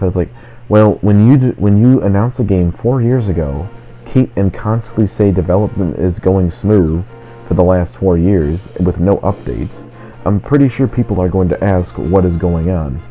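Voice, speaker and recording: A man's voice: low-pitched, normal speed. A man chatting casually while playing a video game, rambling and filling his talk with "like". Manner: rambling, constant "like" fillers. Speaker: let's play host. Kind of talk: casual gaming chat. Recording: dull lo-fi recording. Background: faint game music.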